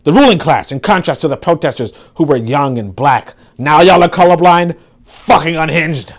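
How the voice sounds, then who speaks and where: A man's voice: a little high, normal speed, pitched above the performer's own voice, close to an everyday voice. A man putting on the voice of an angry woman reading her tweets aloud, indignant and scolding.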